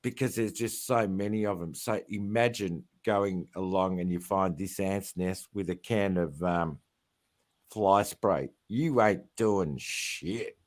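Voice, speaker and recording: A man's voice: deep voice, slow pace. A man, a guest on a livestream panel, telling a rambling story and apologizing for going off topic. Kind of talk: casual livestream chat.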